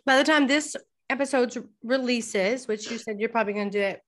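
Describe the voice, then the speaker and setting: A woman's voice: on the high side, fairly quick, fairly bright tone. A middle-aged woman co-hosting a casual podcast, chatting loosely and sometimes talking while she eats. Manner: chatty, talks while eating, frequent restarts. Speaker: podcast co-host. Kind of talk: casual chat.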